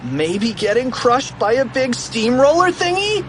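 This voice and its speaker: A man voicing an excitable, easily panicked young schoolboy in a storybook, high and yelling. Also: measured pace, a little hiss or hum, full character voice. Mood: alarmed. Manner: high-pitched, yelling in alarm.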